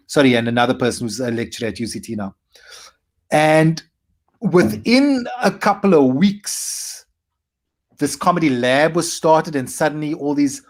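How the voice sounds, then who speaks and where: A South African man in his forties, a comedian guest, telling animated stories with quick asides. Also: medium pitch. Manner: animated anecdotes with quick asides and playful acted quotes. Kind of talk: storytelling interview.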